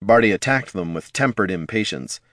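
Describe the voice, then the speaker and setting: A man narrating an adventure story in a lively, expressive reading voice. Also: fairly low pitch, moderate pace, no echo, studio quality. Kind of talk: audiobook narration.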